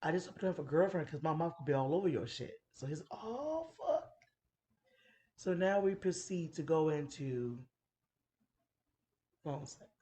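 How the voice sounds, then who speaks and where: Low-voiced woman, frank and profane. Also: moderate pace, warm tone. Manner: frank, profane and playful, laughs often. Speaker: podcast host telling a story. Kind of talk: casual storytelling chat.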